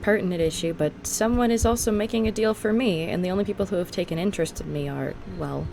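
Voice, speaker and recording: A woman playing in a tabletop game, speaking in a deliberate, dry way about what her character does. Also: medium pitch, gravelly, darkish tone, slight background noise. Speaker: player. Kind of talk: casual tabletop play.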